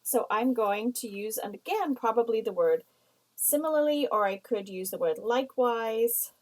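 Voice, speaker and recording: Female writing teacher, a touch high-voiced, patient and explanatory delivery. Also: expressive, low-quality recording. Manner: slow, explanatory, reads example sentences aloud. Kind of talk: recorded writing lesson.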